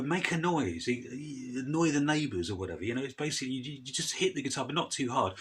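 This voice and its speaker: A man giving a casual, chatty guitar lesson in a relaxed way, with loose restarts and asides. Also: mid-range voice, breathy edge. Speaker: guitar teacher. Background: guitar strumming loudly.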